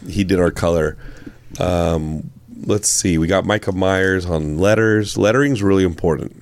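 A man with a fairly low voice chats as a podcast guest. He talks with eager, rambling enthusiasm about his work. The sound is dry and close, with no room around it. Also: dry recording. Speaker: comic book writer and filmmaker guest. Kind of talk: casual podcast interview.

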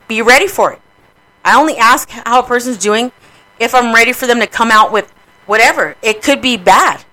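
A woman's voice: a little high, moderate pace, pushed and bright, low-quality recording. A woman hosting a casual radio show, talking candidly and profanely about grief and family. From New Mexico, USA.

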